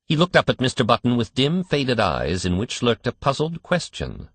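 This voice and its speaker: A man narrating a storybook reading with expressive storytelling. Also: mid-range voice, moderate pace, no echo. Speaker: audiobook narrator. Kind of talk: scripted narration.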